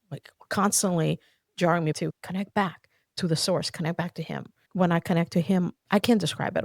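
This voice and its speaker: A woman's voice: fairly low pitch, gravelly, darkish tone, dry recording, clean studio sound. A woman from the Soviet Union telling her faith story as a podcast guest, earnest and heartfelt. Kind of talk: personal faith testimony.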